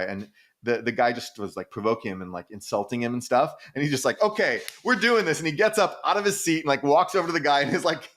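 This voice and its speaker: A man with a somewhat low voice talks loosely on a podcast, piling up fillers and restarts. He tells stories animatedly, swears casually and laughs now and then. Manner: rambling, animated storytelling with frequent "like" and casual swearing; acts out quoted people in exaggerated voices, laughs often. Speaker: podcast co-host answering listener questions.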